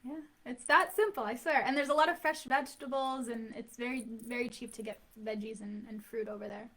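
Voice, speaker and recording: Easygoing higher-voiced woman guest. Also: fairly even intonation, brisk, a bit bright. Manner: laughs often, easygoing, mixes in Italian words. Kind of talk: casual chat.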